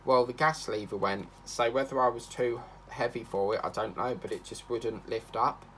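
Chatty man with a gravelly voice. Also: medium pitch, steady tone, normal speed, a bit bright, slight background noise. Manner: rambling, chatty, breaks into snatches of song. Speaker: craft channel host. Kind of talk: casual chat while crafting.

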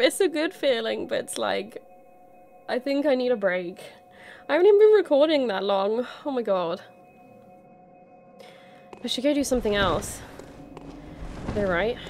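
A high-pitched woman talks through a video game at an unhurried pace, bursting into excited shouts and curses in tense moments. Game music plays clearly behind her voice. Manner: excitable, exclaiming and swearing under stress. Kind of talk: let's play commentary.

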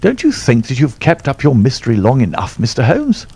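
Man putting on an old army colonel, agitated, high strained voice, gravelly, audiobook. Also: wildly swooping pitch, brisk, dark tone, heavily acted. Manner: raised, strained, exclamatory. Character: agitated older male racehorse-owning colonel. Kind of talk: audiobook character voice.

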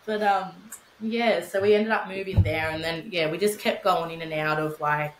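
A woman's voice: lowish voice, normal speed, roomy sound, slight background noise, poor audio. A young woman telling her story in casual podcast chat, candid, swearing freely, with many fillers. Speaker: podcast guest, bereaved mother.

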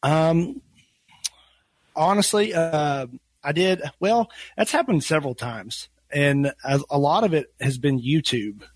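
A man's voice: a little high, slow pace, no echo. A man with a Western Kentucky accent, chatting easily as a podcast guest, rambling a little and laughing often. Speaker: guest, gun YouTuber. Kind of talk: casual podcast chat.

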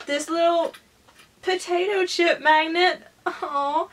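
A woman vlogger opening gifts on camera, gushing and excited, often tearful and soft-spoken. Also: very high voice, slow pace. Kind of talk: casual unboxing vlog.

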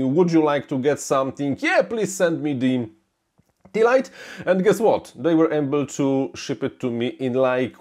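Guy reviewing gadgets in english, excited and chatty, voice jumps all over. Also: mid-range voice. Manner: chatty, enthusiastic, self-deprecating asides. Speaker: hardware reviewer. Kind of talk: unboxing and product review.

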